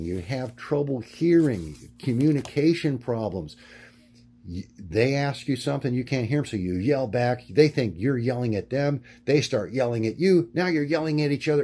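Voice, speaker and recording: Middle-aged man vlogging from notes, halting, lots of ums, repeats himself. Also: mid-range voice, mellow. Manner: halting, many fillers and restarts; repetitive, searching for words. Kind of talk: rambling monologue from notes.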